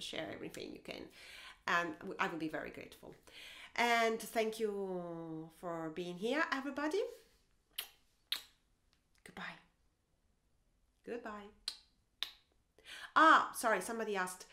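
Woman teacher reading to kids: high, bright, slow and very lively, playful sound effects, echoey room. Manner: animated, playful, with mouth sounds and sing-song asides. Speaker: teacher and storyteller. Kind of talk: reading a picture book aloud to children.

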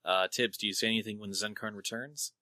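Man, game master, relaxed, dry close mic. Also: fairly low pitch, brisk, no room sound. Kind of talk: running a tabletop game over voice chat.

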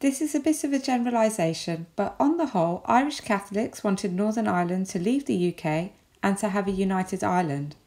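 A woman with an English accent, giving a recorded lesson as a teacher with clear, measured explanations. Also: medium pitch, lively intonation, a little mellow.

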